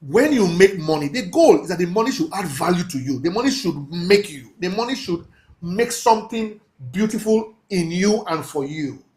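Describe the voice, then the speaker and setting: A man teaching a mentorship class, talking in a preachy, emphatic way, slowing down to stress key phrases and laughing with his students. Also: high-pitched, lively intonation, darkish tone. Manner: laughs often, casual asides to the class. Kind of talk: live class lecture.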